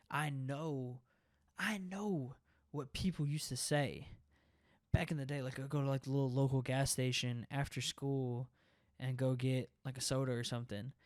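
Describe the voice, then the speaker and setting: A young man hosting a podcast, telling a story in casual, profane chat, animated and often breaking into laughter. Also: on the high side, dry recording, studio quality. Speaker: podcast host.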